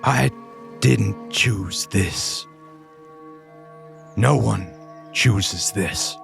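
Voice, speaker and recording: A stern keeper of the dead, low-voiced and slow, weighing each cold word, as a man puts it on. Ambient music plays softly beneath the tabletop game. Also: vocal fry, full character voice. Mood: solemn. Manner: cold, measured, duty-bound. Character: stern, weary guardian of the dead, sex unstated, armed.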